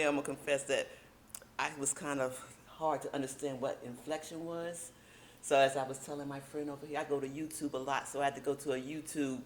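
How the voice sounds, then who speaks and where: A woman teaching a speaking workshop in a casual, emphatic way, slowing down to stress key points. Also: sits low, a little hiss or hum.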